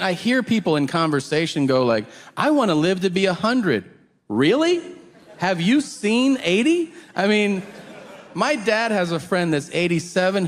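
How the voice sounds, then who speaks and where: A man's voice: high voice, in a large hall. A man doing a stand-up comedy set on stage, dry and profane, acting out quotes.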